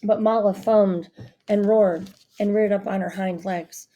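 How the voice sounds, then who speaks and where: A woman reading a novel aloud as narrator in a steady storytelling manner. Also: mid-range voice, unhurried. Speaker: audiobook narrator. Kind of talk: scripted narration.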